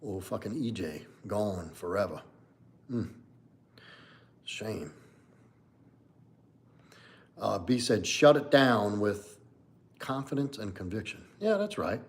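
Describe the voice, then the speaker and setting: A man's voice: on the low side, lively intonation, slow, long pauses, slight background noise. A man in his forties hosting a casual livestream as a coach, answering viewer comments in a blunt, candid, profane way with lots of "like" and "you know". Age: 40s.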